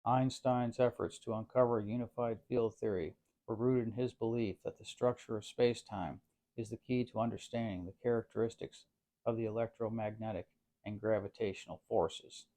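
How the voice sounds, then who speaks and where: A man's voice: on the low side, steady tone, normal speed, dark tone, natural voice. A man doing an authoritative textbook voice. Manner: formal, pronounced reading. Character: authoritative male textbook narrator.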